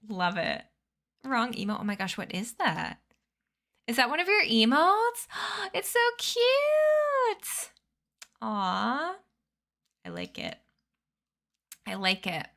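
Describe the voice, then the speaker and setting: Sleepy giggly twenty-something girl chatting with her stream, slow and bright. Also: medium pitch. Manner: bubbly, giggly, reads chat names aloud. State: sleepy, yawning. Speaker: streamer reading a book aloud. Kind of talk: casual chat with stream chat between chapters.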